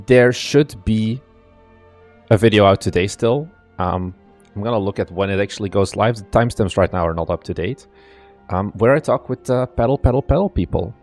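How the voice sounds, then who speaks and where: Hoarse young man streaming casually. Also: fairly low pitch, darkish tone. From Belgium. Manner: chatty, greets chat by name, rambling asides. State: strained, partly lost voice. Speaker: game dev streamer. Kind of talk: casual live stream chat.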